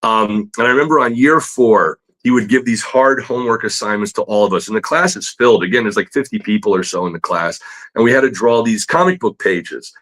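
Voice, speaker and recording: A man, a comic book artist appearing as a guest, telling a story in a casual, animated way with frequent laughs and fillers. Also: fairly low pitch, fairly quick, low-quality recording. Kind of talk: casual storytelling in a podcast interview.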